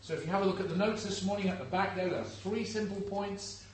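A man's voice: sits high, fairly even intonation, fast talker. An older man preaching a sermon in church. He talks to the congregation directly, in an earnest, conversational way. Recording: echoey room, distant mic, faint background hum.

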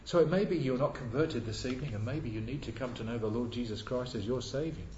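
A man's voice: mid-range voice, fast talker, darkish tone, slight background noise. A man preaching a sermon earnestly, asking rhetorical questions and repeating key words for emphasis. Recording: echoey, dull lo-fi church recording.

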